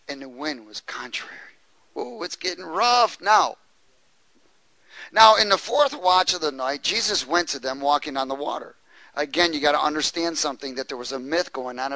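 Gravelly, bright-voiced man preaching. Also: on the high side, no echo, low-quality recording. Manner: lively, laughing often, asking the congregation questions. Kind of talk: sermon.

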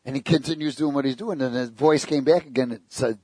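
A man's voice: medium pitch, brisk, darkish tone, slightly rough, no room sound. A man preaching a sermon, telling stories with jokes and asking the congregation rhetorical questions.

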